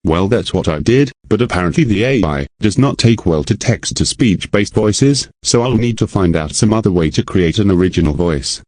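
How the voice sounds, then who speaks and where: Low synthetic tts guy chatting on a podcast, dry sound. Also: normal speed, hardly any pauses, no room sound. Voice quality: flat synthetic text-to-speech voice. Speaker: podcast co-host. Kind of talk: casual podcast chat.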